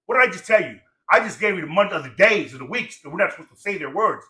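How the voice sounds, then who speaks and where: A man's voice: high-pitched, lively intonation, quick pace, few pauses, pushed and bright, roomy sound. A man of Samoan heritage born in Los Angeles, ranting in profane, repetitive, preachy casual talk. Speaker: podcast guest.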